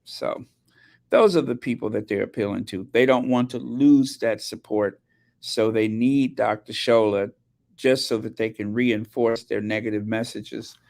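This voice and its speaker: Slow, hesitant male commentator. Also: on the low side, creaky, darkish tone. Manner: hesitant, many fillers and restarts. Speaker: channel host. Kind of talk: casual commentary.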